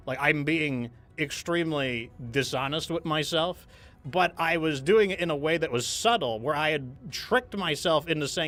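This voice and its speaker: A gaming streamer talks casually to his viewers, rambling through a candid story with frequent restarts. His voice sits a touch high, with a bright, forward tone. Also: normal speed.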